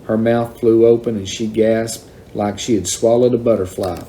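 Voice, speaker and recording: A man reading a children's novel aloud in a plain, unhurried storytelling manner. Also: lowish voice, steady tone, warm tone, a little hiss or hum. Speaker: reader.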